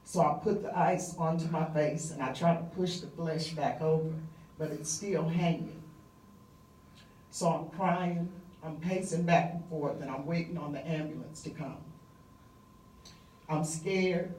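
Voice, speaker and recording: A middle-aged woman telling a personal story live on stage, vivid and conversational with frequent pauses and fillers. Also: deep voice, steady tone, darkish tone, echoey room, far from the mic, a little hiss or hum, rough recording.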